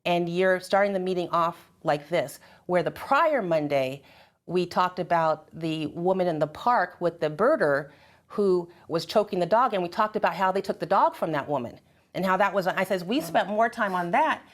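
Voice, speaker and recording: A woman in a group conversation at her church, telling a personal story with animated, emotional delivery and acting out dialogue. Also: fairly low pitch, normal speed. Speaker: church member sharing experiences.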